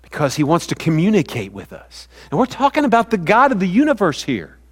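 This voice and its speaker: A man with a high voice preaches a sermon in a church sanctuary and keeps asking the congregation questions. His words trail off into a long hall reverb. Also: wildly swooping pitch, a little fast, slightly rough. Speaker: pastor.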